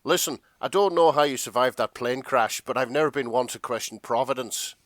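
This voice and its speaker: A scheming middle-aged villain coaxing a stranger along in a smooth, persuasive tone, as a man reads him out. The voice sits at a medium pitch, with no accent, and sounds dry and close. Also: fairly quick, a bit bright, no echo, natural voice.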